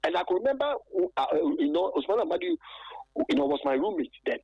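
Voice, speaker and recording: Raspy man on a muffled phone line. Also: extremely high pitch, sing-song, a little mellow, no room sound. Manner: halting and aggrieved, stacks repeated words and fillers. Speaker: former footballer calling in. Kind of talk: phone-in interview.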